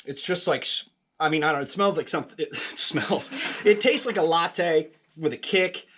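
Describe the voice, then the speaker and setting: A man's voice: fairly high pitch, moderate pace, a bit bright, a little hiss or hum. A man hosting a casual home cocktail vlog, chatty and jokey, with lots of fillers and a slightly out-of-breath delivery. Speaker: home cocktail video host.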